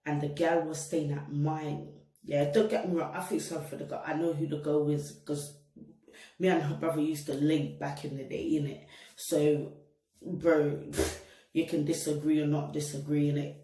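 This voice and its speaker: A woman's voice: low voice, moderate pace. Slangy young woman, roomy and distant. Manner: animated, slangy, addresses viewers directly. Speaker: vlogger. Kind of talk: casual storytime monologue. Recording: roomy echo, set back from mic.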